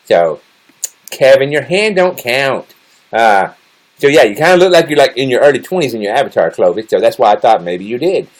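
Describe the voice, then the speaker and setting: A man live-streaming to his chat, trading crude, teasing jokes with viewers. His pitch swings widely and expressively as he talks. He sits at a middling pitch and keeps an easygoing, joking tone. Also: big pitch swings, a little fast. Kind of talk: casual livestream chat with viewers.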